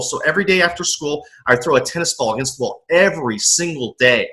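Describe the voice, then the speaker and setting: A middle-aged man from the US West Coast, a motivational coach, telling his life story in a casual interview, earnest and animated, often restarting and repeating words. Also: on the high side, fast. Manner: earnest, animated, acts out his own past thoughts. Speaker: motivational coach, podcast guest.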